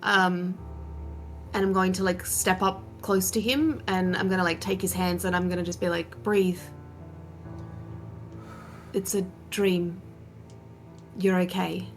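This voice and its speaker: A woman playing a tabletop game, quick and self-correcting. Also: lowish voice, steady tone, soft background music. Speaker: player.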